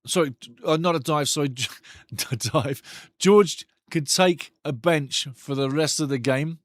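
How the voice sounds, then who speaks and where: A man hosting a live football watch-along, commentating excitedly on the match and chatting with viewers' comments. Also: a little high, a little slow, no room sound, clean studio sound.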